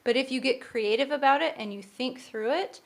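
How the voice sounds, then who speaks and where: A woman's voice: sits high, brisk, creaky. Earnest woman co-hosting a parenting podcast. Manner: earnest, explains at length with restarts. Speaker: podcast co-host. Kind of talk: casual podcast conversation.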